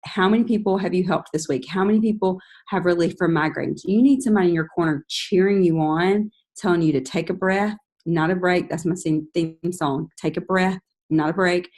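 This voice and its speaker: Brief: woman, team leader, lower-pitched, motivational coaching call, lively and direct. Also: a little fast. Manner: energetic, coaching, acts out chatty quotes in a higher voice. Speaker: team leader giving sales tips.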